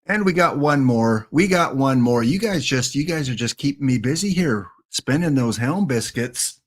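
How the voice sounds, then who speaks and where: A man's voice: mid-range voice, expressive, moderate pace, hardly any pauses. A man streaming a baseball sim game, chatting casually, joking and thanking viewers as he plays. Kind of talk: casual live-stream chat while playing.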